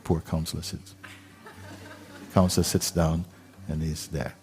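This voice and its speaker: A man giving a spiritual talk, telling a parable in an unhurried, gentle way with pauses and fillers. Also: extremely low pitch, level tone, breathy edge. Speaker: spiritual teacher.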